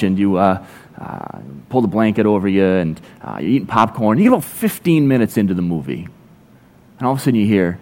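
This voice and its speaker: This male pastor's voice sits on the low side and has a slightly mellow tone. His sermon is built from everyday anecdotes, delivered conversationally with ironic, dry, playful sarcasm.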